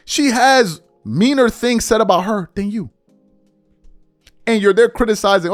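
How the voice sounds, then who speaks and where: A man's voice: high voice, sing-song, measured pace, no echo, studio quality, faint music behind. A man hosting an opinion commentary show, talking in an emphatic, slangy way and sometimes mocking others. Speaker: commentary host.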